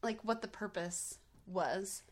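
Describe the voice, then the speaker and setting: A woman's voice: mid-range voice, takes it slowly. A young woman co-hosting a podcast, chatting about episodes with emphatic, punchy one-liners. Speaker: podcast co-host. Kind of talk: casual recap chat.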